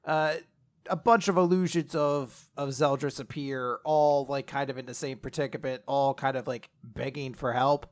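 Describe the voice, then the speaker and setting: A man's voice: medium pitch, fairly even intonation, moderate pace. A man recapping manga chapters in casual podcast chat, retelling scenes animatedly and acting out the characters' lines. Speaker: podcast co-host.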